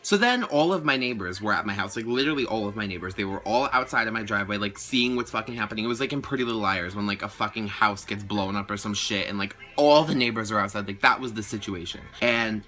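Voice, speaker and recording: A man's voice: lowish voice, quick pace, hardly any pauses. A teenage young man telling a storytime vlog in a casual, indignant way, swearing a lot and saying "like" constantly. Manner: casual, heavy swearing, lots of "like"; indignant, animated retelling. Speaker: vlogger.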